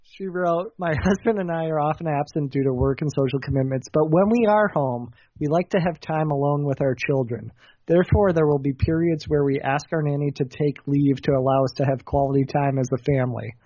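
A man's voice: a little high, brisk, mellow, no echo. A man hosting a comedy show, reading news stories in a matter-of-fact way with occasional stumbles. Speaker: host. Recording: dull lo-fi recording, dry.

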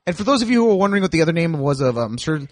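A man hosts a podcast and walks his co-host through the topic with firm opinions, stumbling over restarts as he goes. His voice sits a little high. The room is close and dry. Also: big pitch swings, rapid-fire, dry recording. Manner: opinionated, explaining with frequent restarts. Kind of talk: casual chat.

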